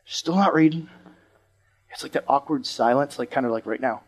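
A man preaching to a live audience, telling a story in a lively way and acting out the voices of the people in it. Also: mid-range voice, normal speed, husky. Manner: animated, acts out the voices of the people in his stories.

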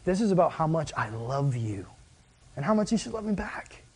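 A man voicing Jesus as gentle and earnest, speaking softly and tenderly during a sermon. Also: on the high side, big pitch swings, normal speed, breathy edge, exaggerated voice. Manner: soft, quiet, tender.

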